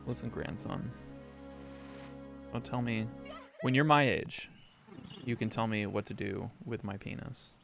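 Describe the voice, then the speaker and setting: A man voicing a crude, stubborn old grandfather who lectures his grandson in a low, quiet way. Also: fairly even intonation, unhurried, vocal fry, pauses often, music in the background. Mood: bossy.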